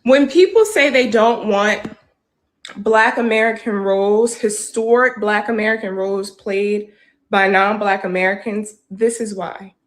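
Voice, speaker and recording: A woman's voice: mid-range voice, a little slow. A woman giving indignant, argumentative commentary to camera, full of rhetorical questions. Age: adult. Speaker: social media commentator.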